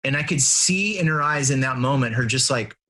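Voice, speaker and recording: A middle-aged man, a guest in an interview, telling personal stories in an earnest, animated way and laughing at himself. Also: mid-range voice, brisk, a little hiss or hum. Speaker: interview guest, family and business coach. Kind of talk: conversational storytelling.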